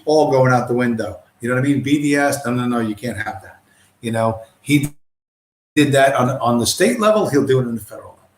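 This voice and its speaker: A man hosting a livestream, talking in a long profane rant full of restarts and asides. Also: medium pitch. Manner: profane, rambling, repeats "you know what I mean". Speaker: livestream host. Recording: roomy echo.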